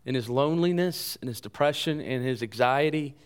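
A man preaching to his church with earnest conviction. His voice sits at a middle pitch, and he builds emphasis before sinking into a quiet, low appeal. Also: a little fast, clean tone. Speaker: pastor. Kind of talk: sermon.

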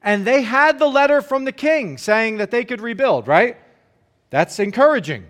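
High-voiced man preaching a sermon. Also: animated, moderate pace, a bit bright. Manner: conversational preaching with frequent "right?" asides; briefly acts out the enemies' jeering quotes. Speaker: pastor.

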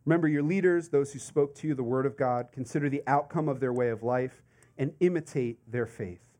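A man preaching a sermon in a conversational, animated way, full of asides and rhetorical questions. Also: medium pitch, brisk. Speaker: pastor.

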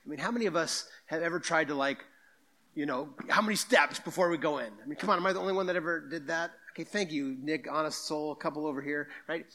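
A man preaching a sermon to a congregation, talking in a conversational way with quick asides and reading scripture aloud. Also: a little high, bright, forceful tone. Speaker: pastor.

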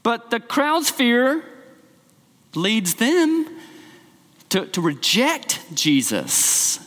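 Pastor preaching in a reverberant hall. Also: male voice, extremely high pitch, huge pitch swings, drawn-out words, fairly bright tone. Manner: conversational storytelling, frequent "like". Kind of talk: sermon.

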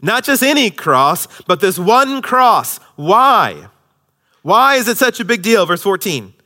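A male pastor preaching a sermon, swinging from loud, emphatic lines to hushed, near-whispered ones. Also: sits high, very animated, takes it slowly.

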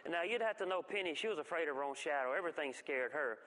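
A man giving a folksy church testimony, telling stories with halting restarts. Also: a little high, expressive, bright, forceful tone. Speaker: guest speaker giving testimony. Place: church sanctuary. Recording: long reverb of a church hall.

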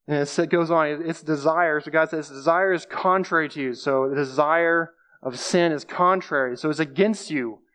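A man's voice: on the high side, fairly even intonation, normal speed, few pauses, a bit bright. A man giving a conversational sermon, explaining scripture plainly and repeating key phrases for emphasis. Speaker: preacher.

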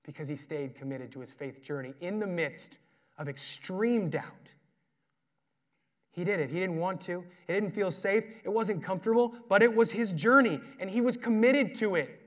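A man's voice: high voice, moderate pace. Earnest conversational male preacher. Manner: conversational, earnest, shifting between emphatic and quiet. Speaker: pastor. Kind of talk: sermon.

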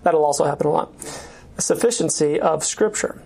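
Brief: lower-voiced woman, church class teacher, conversational, halting restarts. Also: vocal fry, dark tone, slightly rough. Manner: conversational, with frequent fillers and restarts.

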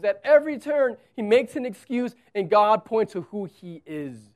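A man's voice: high voice, very animated, normal speed. A male pastor preaching a sermon with emphasis, acting out the quotes.

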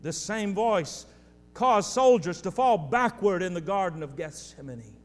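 A man's voice: high-pitched, lively intonation, unhurried. A male pastor delivering a sermon, preaching emphatically with repeated phrases and speaking directly to his congregation. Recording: long hall reverb with faint hum.

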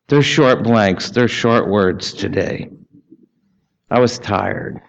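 A man's voice: fairly low pitch, takes it slowly, gravelly. A man, preaching a sermon in a conversational way, asking the congregation questions and adding casual asides. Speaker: pastor. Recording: dull lo-fi sermon recording.

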